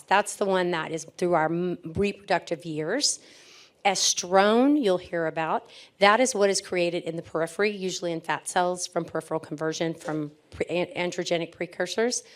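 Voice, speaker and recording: A woman doctor on a panel, explaining hormone therapy in a tired, strained voice because she is losing it. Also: fairly low pitch. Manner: explanatory, listing terms. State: losing her voice. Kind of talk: panel talk explaining medicine. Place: event stage before an audience.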